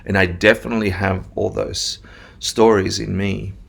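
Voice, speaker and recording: A man from Argentina with a mixed Australian-Argentine accent, telling his story as a meditation teacher in a casual interview, animated and laughing often. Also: fairly low pitch, moderate pace, vocal fry. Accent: Australian-Argentine mix.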